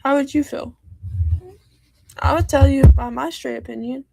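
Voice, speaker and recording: Teen girl streamer venting in a hurt ramble; slightly high voice with vocal fry. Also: steady tone, normal speed, dark tone, slight background noise. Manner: hurt, rambling, many fillers and restarts. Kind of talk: upset personal livestream talk.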